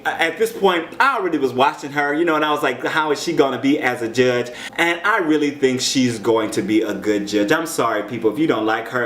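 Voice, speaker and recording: An American man giving casual commentary on a show, chatty and animated, jumping up in pitch when he quotes people. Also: echoey room, slight background noise.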